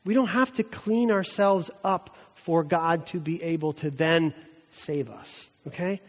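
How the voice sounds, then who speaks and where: A man's voice: fairly high pitch, a little slow, long reverb tail. A male pastor giving a conversational sermon and acting out the people in the story as he goes. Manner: conversational preaching, voicing characters in asides.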